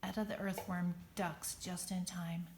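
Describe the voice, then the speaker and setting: A woman reading a children's story aloud in clear, even storytelling. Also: fairly low pitch, unhurried, a little hiss or hum. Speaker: storybook reader.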